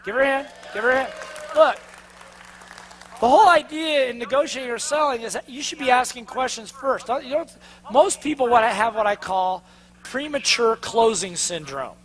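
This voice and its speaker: A man in a live sales seminar, a trainer who keeps throwing quick questions at his audience and making them answer back. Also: very high voice, a little hiss or hum. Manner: energetic, call-and-response questions to the crowd; drops to a mocking tone for the inner doubting voice.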